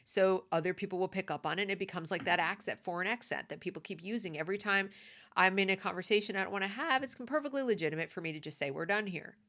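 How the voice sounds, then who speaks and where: A woman's voice: medium pitch, fast, bright, forceful tone. A woman delivering a conversational opinion monologue, emphatic and prone to repeating her points. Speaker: commentator.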